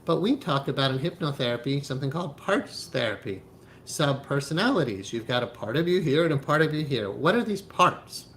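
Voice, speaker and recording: A man at a middle pitch teaches hypnotherapy in an emphatic, animated way. He keeps checking in with his listeners and laughs often. A faint low rumble runs underneath his voice. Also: brisk. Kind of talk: spiritual teaching talk.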